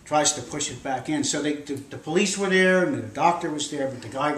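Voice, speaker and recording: An older man, a grandfather, telling a rambling, animated story to children in a casual way. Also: on the high side, fairly quick. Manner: rambling, animated, acts out voices with shouts. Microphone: camcorder across the room. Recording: echoey room, distant camera, loud noise.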